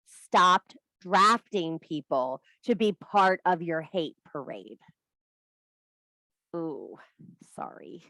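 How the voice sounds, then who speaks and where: A woman's voice: fairly low pitch, lively intonation, extremely slow, long pauses, sharp tone, no room sound, rough recording. Blunt, profane woman teacher. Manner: profane, blunt, tough-love, laughs at herself. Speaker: spiritual course teacher. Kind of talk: blunt motivational talk to a group.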